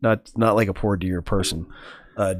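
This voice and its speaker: A man's voice: low voice, steady tone, normal speed, dry recording, studio quality. A man co-hosting a podcast in casual chat, easygoing and steering the show from topic to topic. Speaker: podcast co-host.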